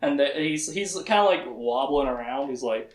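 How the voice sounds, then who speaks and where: A man giving a casual, comedic lecture summarizing books to a small audience, acting out the characters' lines with quick voice shifts. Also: medium pitch, expressive. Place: room with a small live audience. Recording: echoey room.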